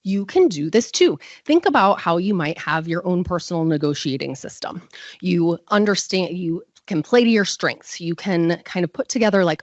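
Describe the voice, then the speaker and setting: A woman's voice: fairly low pitch, sing-song, normal speed, dry recording, dull audio. A woman giving a live conference talk, chatty and self-deprecating, full of fillers. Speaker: conference presenter.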